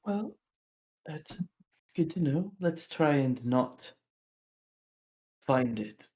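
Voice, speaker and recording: A man's voice: on the high side, lively intonation, very slow, a little mellow, poor audio. A man playing a tabletop game who jokes and thinks aloud while planning, speaking over an online call. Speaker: player. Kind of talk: casual tabletop game talk.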